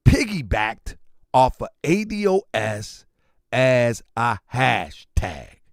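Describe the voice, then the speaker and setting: Emphatic man with a lively pitch. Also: no echo, clean studio sound. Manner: emphatic and repetitive, addressing viewers as family. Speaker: commentary channel host. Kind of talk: opinion commentary.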